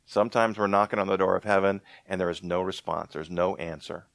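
Man, pastor, sermon, conversational, low-pitched, dry close mic. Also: steady tone, creaky, no room sound. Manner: conversational, restarts often, reads scripture slowly.

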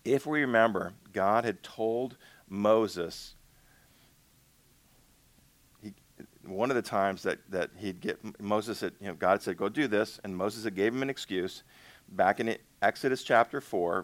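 A man's voice: lowish voice, normal speed, dry recording. A male minister preaching a conversational sermon, acting out little dialogues with God.

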